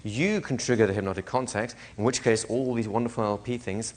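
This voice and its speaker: A man lecturing a live class as a hypnosis trainer, animated, asking the room questions and acting out little scenes. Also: lowish voice, moderate pace, long pauses, a little hiss or hum.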